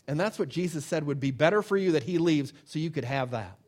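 A man with a somewhat high voice preaches in a relaxed, conversational way. He tells stories with animation and acts out the voices in them. He often repeats phrases and restarts his sentences. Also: a little fast, hardly any pauses. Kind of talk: informal sermon with personal story.

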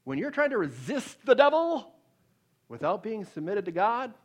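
In a sing-song voice at normal speed, a man delivers a sermon that alternates between emphatic loud peaks and hushed storytelling. He often restarts, repeating words.

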